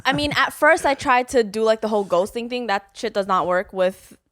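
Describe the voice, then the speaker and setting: A woman comedian tells her story in loose podcast chat, her voice pitched a little high. The sound is dry and close, with no room around it. She laughs often and slips into quoting people. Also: animated, brisk, a bit bright, dry recording. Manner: storytelling with laughter and mimicked quotes. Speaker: comedian guest.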